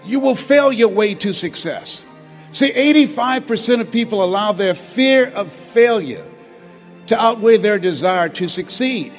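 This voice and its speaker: A man giving a motivational speech, telling stories and swinging between loud exhortation and hushed, confessional moments. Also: sits high, lively intonation, unhurried, faint music behind. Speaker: motivational speaker.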